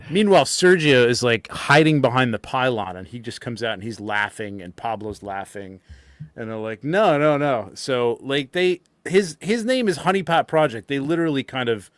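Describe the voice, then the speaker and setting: A man's voice: medium pitch, lively intonation, moderate pace, no echo. A man co-hosting a podcast, telling a convention story in casual chat, rambling and laughing as he acts out quotes. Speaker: podcast co-host.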